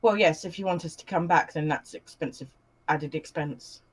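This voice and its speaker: A woman's voice: low voice, normal speed, slightly rough. A woman playing a tabletop role-playing game, speaking in character in a businesslike, haggling way. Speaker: player.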